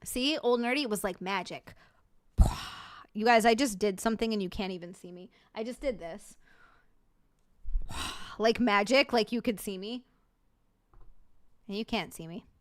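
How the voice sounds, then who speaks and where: A woman from Hawaii, a live streamer, chatting casually late at night, effusive and playful, rattling off thanks to her viewers. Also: mid-range voice. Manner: effusive, rapid shout-outs and playful asides.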